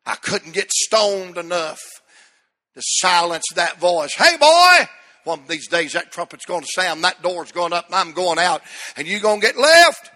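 A man voicing a gruff old man at a bar who calls out in sudden bursts. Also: sits high, animated, moderate pace, bright, forceful tone, big-room sound. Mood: warning.

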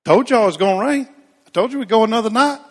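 A man's voice: high voice, fast, voice pushed up. A practical middle-aged father speaks in a drawling, no-nonsense way, played by a man retelling a story from the pulpit. It echoes with a long reverb through the hall. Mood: firm. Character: firm, practical middle-aged Southern dad.

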